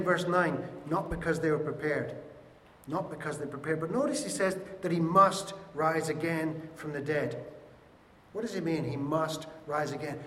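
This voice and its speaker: A man's voice: fairly high pitch, slight background noise. Man preaching in an echoey church hall. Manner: expressive, acts out voices of biblical figures. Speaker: pastor. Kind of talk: sermon. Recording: echoey hall, picked up from a distance.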